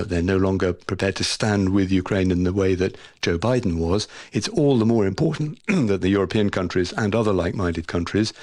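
Measured older man, low dry voice. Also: darkish tone, no room sound. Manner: deliberate, with frequent "uh" and "um" pauses. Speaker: interviewed guest, former diplomat. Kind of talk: measured analytical interview answers.

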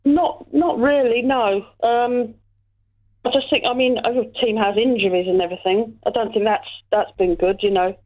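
A woman's voice: a little high, steady tone, normal speed. A woman calling in to chat about football, hesitant and full of fillers. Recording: tinny phone line.

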